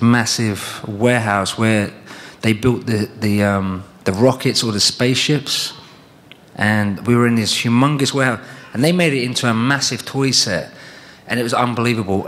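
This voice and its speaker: A British man in his thirties, with a fairly low voice, is a guest on a convention panel, taking fan questions on stage in a large hall before an audience. He tells long, rambling anecdotes and acts out other people's lines. The hall gives the recording a long reverb.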